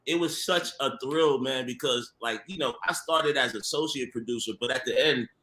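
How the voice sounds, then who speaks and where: A man's voice: medium pitch, normal speed, sharp tone, echoey room. A man who works as a TV producer, telling stories in a casual, slangy conversation and laughing often. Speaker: TV producer guest.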